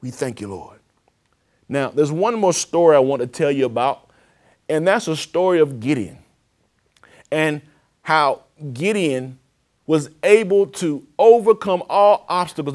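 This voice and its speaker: Tv preacher guy, kinda high voice, builds up loud then goes soft, prays n teaches. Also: lively intonation, measured pace. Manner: preacherly, swells louder then drops low. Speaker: apostle and TV program host. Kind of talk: televised sermon with prayer.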